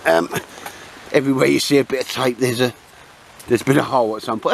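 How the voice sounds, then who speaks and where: A man's voice: mid-range voice, expressive, fairly quick, gravelly, pauses often. A middle-aged man filming a camping trip, bantering in casual chat with his friends and calling them mate and sir. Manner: chatty, jokey banter, calls everyone mate and sir. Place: windy, rainy campsite outdoors. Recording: wind and rain noise outdoors. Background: wind and rain.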